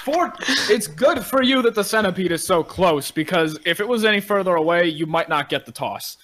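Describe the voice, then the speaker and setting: Lively bright-voiced male game master. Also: high-pitched, moderate pace. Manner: laughing, swearing casually. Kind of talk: casual tabletop game narration. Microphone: online voice call.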